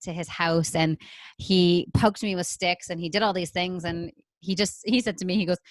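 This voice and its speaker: A woman from Canada, a podcast guest telling a personal story in a lively way and acting out what she said back then. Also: fairly low pitch, normal speed, no echo, rough recording. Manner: animated, acts out her own past lines. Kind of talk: storytelling interview answer.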